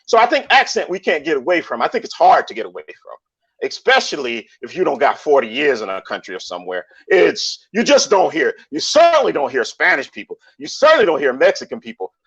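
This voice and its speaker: A man talking in a casual online debate, animated, often repeating and restarting his phrases. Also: fairly high pitch, a little fast, husky. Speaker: panelist in online discussion. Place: lives in Colombia. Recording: dull lo-fi stream audio.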